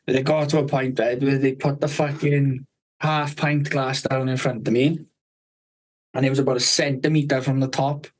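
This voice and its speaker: A man's voice: mid-range voice, level tone, normal speed, poor audio. A man telling a rambling story on a podcast, swearing constantly and acting out the people he quotes.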